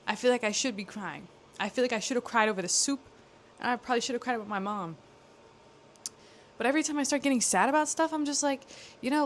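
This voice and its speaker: A woman's voice: on the high side, a little hiss or hum. A young woman vlogging in a casual, candid way, rambling with lots of fillers as she talks to the camera. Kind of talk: casual confessional vlog.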